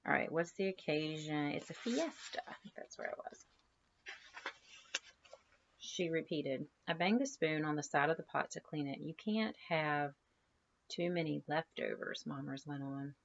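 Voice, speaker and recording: A woman's voice: low-pitched, fairly even intonation, unhurried, vocal fry, lo-fi sound, slight background noise. A woman teacher reading a novel aloud to her class in a conversational way, stopping to ask her students questions. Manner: conversational, asks students questions between passages.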